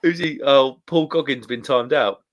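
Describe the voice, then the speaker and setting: A man's voice: mid-range voice, moderate pace. A man hosting a casual beer live stream, chatting, reading out viewer comments and calling people mate. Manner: chatty, laughs often, calls people mate.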